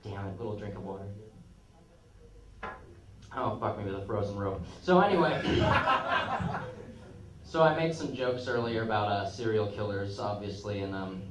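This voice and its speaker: A man's voice: lowish voice, sing-song, moderate pace, long pauses, noisy background. Young man doing crude stand-up in an echoey club. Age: young adult. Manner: crude, rambling, self-mocking delivery with asides. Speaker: stand-up comedian. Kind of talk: open-mic stand-up set. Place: comedy club stage. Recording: echoey room, picked up from a distance.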